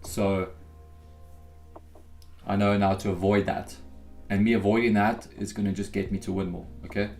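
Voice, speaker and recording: Hosting a live futures day-trading stream, a man talks through his trades while chatting casually to viewers, whom he calls "guys." He's relaxed and chatty. His voice is fairly low, at a moderate pace with frequent pauses, and soft music plays in the background.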